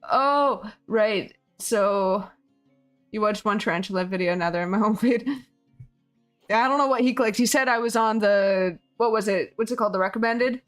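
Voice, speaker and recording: A hoarse woman streamer chatting casually with her viewers, rambling, laughing often and swearing freely. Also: medium pitch, moderate pace, faint music behind. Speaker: game streamer. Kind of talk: casual chat with viewers while building.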